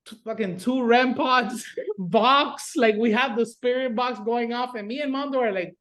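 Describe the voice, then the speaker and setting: Dude from south florida telling ghost hunt stories, fired up, cussing, acts out everyone's reactions. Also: male voice, very high voice, moderate pace. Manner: animated storyteller, swears freely, acts out reactions. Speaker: paranormal investigator guest. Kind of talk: casual podcast chat.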